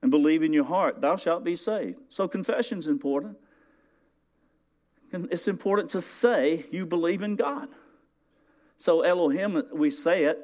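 A man's voice: high voice, animated, moderate pace, a little mellow. Conversational male preacher. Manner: conversational, rising to emphatic call-outs. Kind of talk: sermon.

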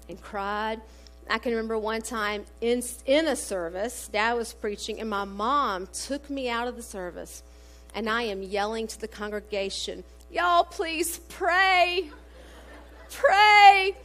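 A woman's voice: mid-range voice, fairly even intonation, measured pace, soft background music. A middle-aged woman preaching a sermon, mixing scripture readings with family stories and frequent "um" fillers. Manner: warm storytelling with scripture quotes, many fillers.

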